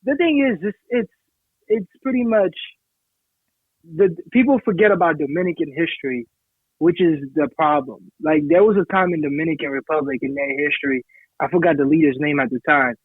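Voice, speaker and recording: Podcast co-host, dry tinny phone-like sound, fairly high voice for a man. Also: fairly quick, husky, no echo. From Haiti. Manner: self-assured, explains at length. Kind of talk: casual podcast chat.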